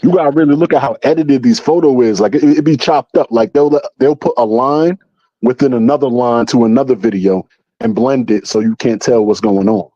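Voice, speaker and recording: A man on a live stream talks in quick bursts of slang, circling back over his points with excitement. His voice is dark and mellow and sounds dry, and the sound is muffled and lo-fi. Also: mid-range voice, no echo. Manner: excited, slangy, repeats himself. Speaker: guest caller on a live stream. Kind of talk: casual chat.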